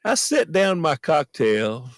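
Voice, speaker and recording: Lively-voiced man in a dead closet. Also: on the high side, slow, no room sound. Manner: earnest, folksy, self-deprecating. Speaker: podcast host. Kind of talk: personal storytelling monologue. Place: friend's closet at home.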